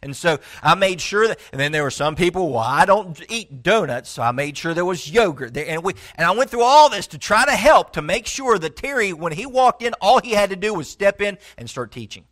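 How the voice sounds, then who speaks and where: Middle-aged man, pastor preaching a sermon, fairly high voice, earnest, halting restarts, drops quiet and low for emphasis. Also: animated.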